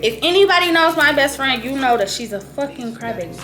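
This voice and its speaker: A woman's voice: high voice, expressive, brisk, sharp tone. A woman vlogger telling a personal story in casual storytime style, full of profanity and slang, acting out quoted lines in a raised voice.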